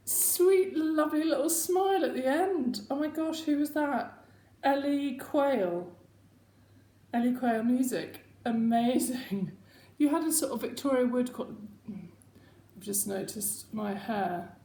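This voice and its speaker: A woman rambles chattily through a casual home video, poking fun at herself as she goes. Her voice sits slightly high, and the room around her rings with echo under a faint hiss. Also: expressive, a little slow, warm tone. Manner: chatty, rambling, self-mocking. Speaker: host. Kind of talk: casual chat.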